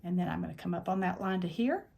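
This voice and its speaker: A quilting teacher with a gravelly, fairly low, darkish voice talks fast through a design in a step-by-step tutorial. She stays plain and practical, thinking aloud as she works at the machine in her quilting workspace.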